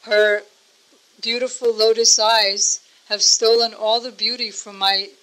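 Woman religious teacher, unhurried and gentle, bright tone, telling devotional stories. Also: a little high, little pitch movement, low-quality recording. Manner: gentle, deliberate, explanatory. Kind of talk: devotional storytelling talk.

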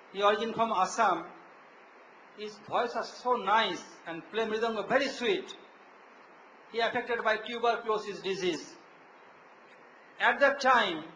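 A man's voice: sits high, pushed and bright, slight background noise. An older man, a monk telling devotional stories about his guru, laughing often and acting out the voices he quotes. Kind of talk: devotional storytelling talk. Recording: echoey room.

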